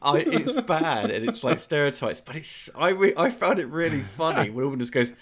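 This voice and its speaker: A man's voice: a little high, big pitch swings, a little fast, fairly bright tone. A man talking as a guest on a film podcast, rambling and hesitant as he thinks aloud. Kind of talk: casual film discussion.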